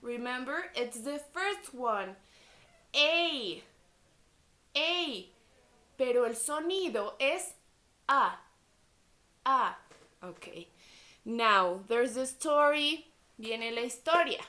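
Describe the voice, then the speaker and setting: A woman teaching young children letter sounds, slowly repeating each sound for them to echo. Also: sits high, animated, sharp tone. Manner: switches between English and Spanish. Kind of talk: phonics lesson for young children.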